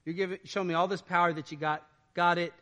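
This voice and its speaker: A reluctant Moses makes casual, halting excuses, voiced by a preacher in the middle of a sermon. The voice drops a little lower than the preacher's own but keeps its bright edge. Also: male voice, level tone, long reverb tail.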